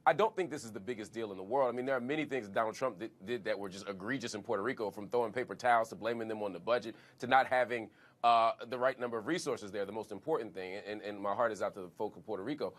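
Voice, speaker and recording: Quick-talking guy on a news panel, animated, evens things out. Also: on the low side. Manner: rapid, animated, conciliatory. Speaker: panel commentator. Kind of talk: cable news panel debate.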